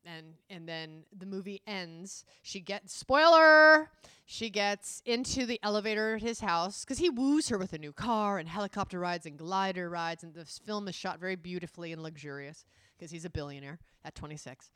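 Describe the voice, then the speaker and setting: Woman telling a movie plot, animated, acts out lines, dry close sound. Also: medium pitch, moderate pace, clear, resonant tone, dry recording. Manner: animated storytelling, acts out quotes. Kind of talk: casual film chat.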